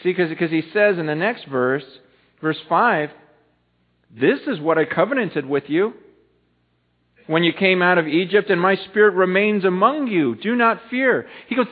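A man with a high voice preaches a sermon, animated and conversational, slipping into voices for the characters he describes. The sound is thin and narrow, like a phone line. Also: a little slow. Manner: animated, acts out voices of biblical people, casual phrasing. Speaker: pastor. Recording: tinny phone-like audio.

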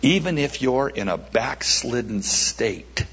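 A man preaches at a church service in a husky voice that stays at a middle pitch. He takes his time, pausing for effect and repeating words. The recording sounds dull and lo-fi. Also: animated, a bit bright. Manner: slow, emphatic preaching with dramatic pauses and repeated words. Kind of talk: sermon with an altar call.

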